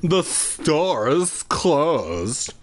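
A man voicing a stern caped stranger who speaks slowly and deliberately through gritted teeth. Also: medium pitch, very animated. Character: stern caped man guarding special masks.

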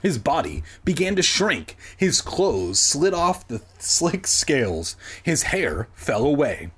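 A man's voice: a little high, sing-song, takes it slowly, a bit bright, husky. A man reading a children's story aloud with sarcastic asides. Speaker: narrator.

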